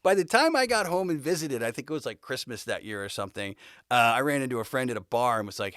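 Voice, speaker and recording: A man telling stories on his own podcast, his pitch swinging widely as he acts out the people in them. He swears casually and laughs along with his own tales. The recording is dry and close, with no room sound. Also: quick pace, no echo. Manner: animated storyteller acting out quoted voices, laughing. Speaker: podcast host. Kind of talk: casual storytelling.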